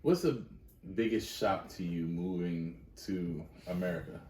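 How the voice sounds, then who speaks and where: A man's voice: deep voice, measured pace, darkish tone, slight background noise. A man co-hosting a podcast in casual chat, emphatic and opinionated. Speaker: podcast co-host. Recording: echoey room, distant from mic.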